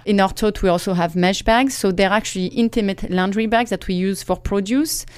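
A woman's voice: medium pitch, steady tone, fairly quick, clean tone, dry recording. A woman guest being interviewed in a studio, explaining her everyday habits step by step in a practical way. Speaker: guest author. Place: radio studio.

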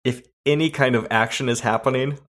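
Male podcast host, mid-pitched, chatty, laughs as he goes. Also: steady tone, a little fast, fairly bright tone. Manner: talkative, laughs while talking. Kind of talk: casual movie podcast chat.

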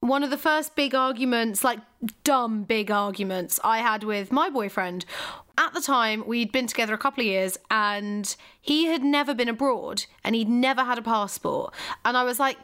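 A woman's voice: fairly high pitch, fairly bright tone. A young woman chatting casually, playful and teasing, often laughing as she tells a story. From England.

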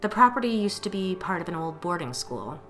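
A woman's voice: fairly low pitch, sing-song, fairly quick, fairly bright tone, faint music behind. A woman voicing an experienced female psychic with a dry, dismissive manner, in a storybook reading. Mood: wry. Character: wry seasoned woman medium.

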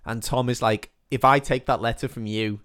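A man co-hosting a casual podcast, walking through a film scene by scene. He talks loosely and sweary, slipping briefly into the characters' lines, at an ordinary middle pitch. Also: steady tone, normal speed, fairly bright tone. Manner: rambling, sweary, quotes characters in passing. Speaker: podcast co-host. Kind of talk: casual chat retelling a film.

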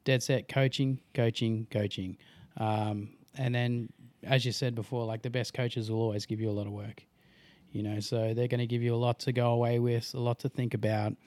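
A young Australian man talking in a loose, easygoing way, the sort of podcast guest who laughs a lot. His voice sits at an ordinary pitch. The recording is close and dry, with no room sound. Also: darkish tone, no room sound. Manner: laid-back, laughs often, easygoing advice. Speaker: podcast guest, wingsuit pilot. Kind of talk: casual chat.

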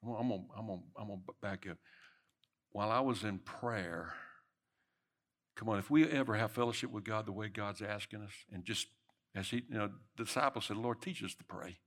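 A middle-aged man preaching a sermon, swinging between loud emphatic bursts and soft murmured lines. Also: on the low side, brisk.

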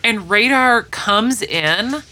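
A woman's voice: fairly high pitch, very slow. A woman co-hosting a podcast, chatting casually and acting out scenes as she retells them. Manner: animated, acts out scenes while retelling. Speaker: podcast co-host. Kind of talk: casual chat.

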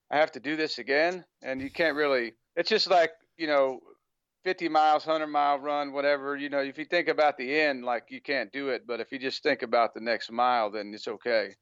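A man's voice: mid-range voice, fairly bright tone, smooth, no room sound, highs cut off. An American man speaking as a guest on an interview podcast, talking casually with a rambling flow full of "you know" fillers. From United States.

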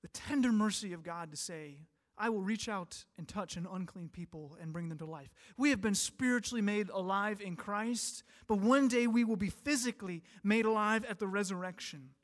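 A male pastor delivering a sermon, reading scripture and then speaking earnestly, rising to emphatic peaks and falling to soft, quiet passages. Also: high-pitched, normal speed, hardly any pauses. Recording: long hall reverb.

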